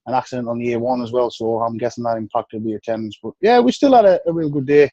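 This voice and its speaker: A man with a North East English accent, speaking frankly and easily as a guest on a podcast, often sinking into low, tired tones. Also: fast, dark tone. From North East England. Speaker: guest bodybuilder. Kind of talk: casual podcast interview. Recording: dry, dull lo-fi sound.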